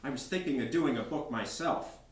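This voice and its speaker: A man voicing a brash, blustering wealthy older man, talking loudly, read aloud in a bookstore. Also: medium pitch, a little fast, voice pushed up, close to an everyday voice. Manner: loud, blustering. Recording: roomy bookstore from far off.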